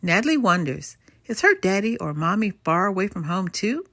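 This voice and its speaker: Oudere vrouw die levendig voorleest. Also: female voice, medium pitch, moderate pace, no room sound, studio quality. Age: older. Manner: expressive, lilting. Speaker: storyteller. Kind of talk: bedtime story read-aloud.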